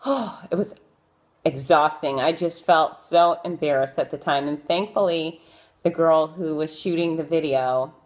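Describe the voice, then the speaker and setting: A woman vlogger casually telling stories about interviewing celebrities, chatty and self-deprecating, with many fillers. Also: unhurried. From Florida. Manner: chatty and animated, acting out quotes in a high voice. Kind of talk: casual live-stream storytelling.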